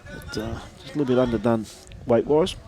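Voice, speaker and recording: An Australian man gives live commentary on a lawn bowls match, chatting, laughing and joking, greeting viewers and calling everyone mate. His voice is mid-range with a dark tone, and he talks a little fast over soft background music.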